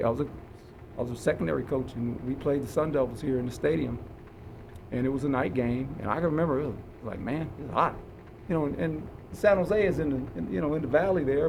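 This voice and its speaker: A man's voice: fairly high pitch, vocal fry, noisy background. An older man, a head football coach, answering reporters after practice in an earnest way, often repeating words as he starts a sentence. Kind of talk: post-practice press conference.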